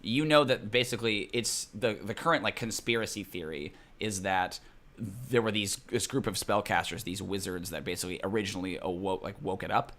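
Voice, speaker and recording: A man's voice: fairly low pitch, brisk, fairly bright tone. A man narrating a tabletop game as dungeon master in a loose, rambling way with many fillers.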